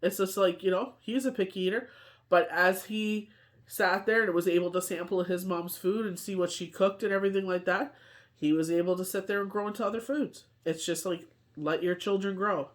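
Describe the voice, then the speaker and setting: A woman's voice: mid-range voice, steady tone, brisk. A woman with a cold, reading tarot cards in a rambling, chatty way and often asking whether the listener follows. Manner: rambling, chatty, constant "you know what I mean". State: has a cold, short on sleep. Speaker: tarot reader. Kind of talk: casual daily tarot reading.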